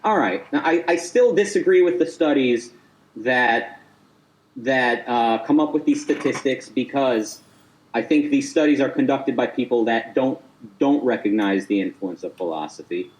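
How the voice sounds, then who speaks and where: A man's voice: medium pitch, moderate pace, rough recording. A man in a casual debate call, talking hesitantly with frequent stammers and restarts as he presses his point.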